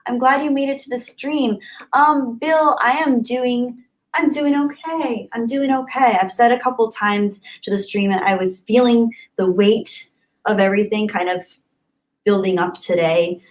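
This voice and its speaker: Woman streamer, casual chat host, reads comments aloud, laughs a lot, slips into soft whispers. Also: medium pitch, rough recording. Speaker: live streamer reading chat.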